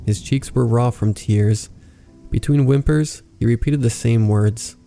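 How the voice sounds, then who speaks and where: A man reading a horror story aloud as narrator, in a calm, measured way. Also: mid-range voice, gravelly, faint music behind. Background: faint rain ambience.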